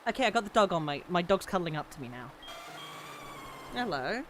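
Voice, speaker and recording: A woman's voice: fairly low pitch, very animated, a little fast, background noise. A woman chatting casually on a live gaming stream from her home studio, swearing now and then. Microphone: studio microphone.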